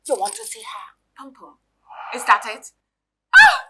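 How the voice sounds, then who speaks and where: A Nigerian woman playing a jealous, dramatic girlfriend in a Nollywood film, loud and mocking. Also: a little high, huge pitch swings, unhurried, heavy background noise. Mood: defiant. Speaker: actress.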